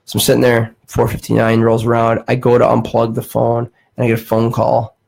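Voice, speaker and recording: Young man, mid-pitch voice, animated storyteller, casual swearing, acts out voices. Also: brisk, vocal fry, husky, low-quality recording. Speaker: podcast host.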